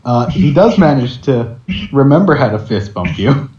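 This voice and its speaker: A man acting as game master, narrating events calmly and plainly. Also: mid-range voice, moderate pace. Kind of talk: running a tabletop game. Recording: roomy, dull lo-fi with mic noise.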